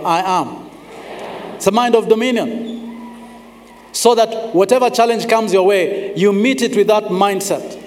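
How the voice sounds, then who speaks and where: A man preaching a sermon. He is emphatic, slows down on scripture and calls on the congregation to respond. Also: sits high. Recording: long reverb of a large hall.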